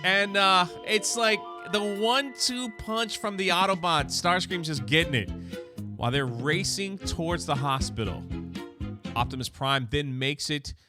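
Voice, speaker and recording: A man hosting a comic book channel, recapping an issue in a chatty, excited way and often restarting his words. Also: high-pitched, unhurried, music in the background.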